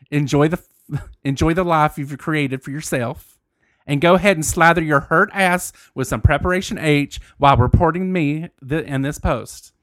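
A man's voice: on the high side, dry recording, clean studio sound, close to an everyday voice. A man reading out an angry right-wing woman's post in a put-on country voice, crude and furious.

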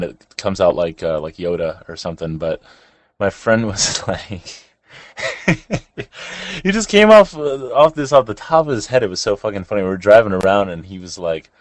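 Young man, podcast co-host, crude and jokey, laughs a lot, very lively swinging pitch, dry sound. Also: moderate pace, no room sound. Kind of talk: casual chat.

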